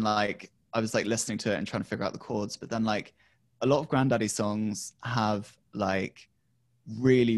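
A man's voice: lowish voice, no echo. A man in casual music chat, rambling with many ums and restarts.

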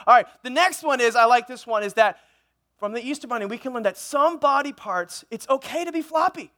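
A man's voice: very high voice, fairly quick. A man preaching a sermon in a church, cracking jokes and telling a comic story with playful asides. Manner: joking, animated, playful asides. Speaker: pastor. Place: church sanctuary.

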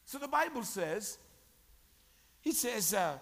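A man preaching a sermon as pastor, animated, joking and calling on the congregation to respond. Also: high voice, normal speed, big-room sound. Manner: animated preaching with crowd prompts and humor.

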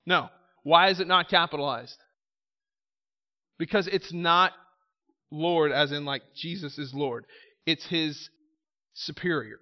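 High-voiced male preacher. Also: a little slow, pauses often, in a large hall. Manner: emphatic, asks rhetorical questions, calls out "Amen?". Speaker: pastor. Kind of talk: sermon. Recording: slightly muffled recording.

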